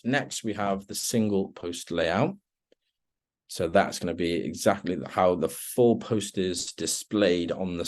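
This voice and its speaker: A man leading a relaxed screen-share demo of a software tool in an online meeting, with lots of ums as he walks through each step. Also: lowish voice. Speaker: product trainer.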